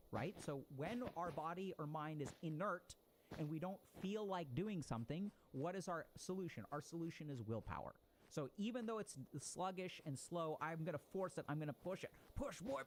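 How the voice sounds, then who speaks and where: A man giving a casual spoken lecture, animated and swearing now and then, acting out inner voices as he explains. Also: fairly high pitch. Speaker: speaker on motivation and mind. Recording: noisy recording.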